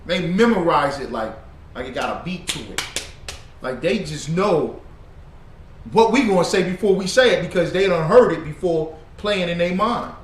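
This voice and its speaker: A man's voice: high-pitched, moderate pace, a little hiss or hum. A man teaching a religious brotherhood class in a slangy, conversational way, quizzing his students in call and response. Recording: roomy room, distant mic.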